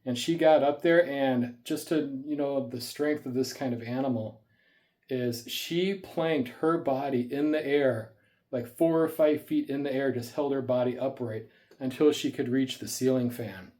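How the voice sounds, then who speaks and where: A man's voice: medium pitch, unhurried, a little mellow. A man telling stories in a casual vlog, a bit winded after the gym, rambling and chatty, recorded indoors at home on a camera on a tripod. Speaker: snake keeper vlogger.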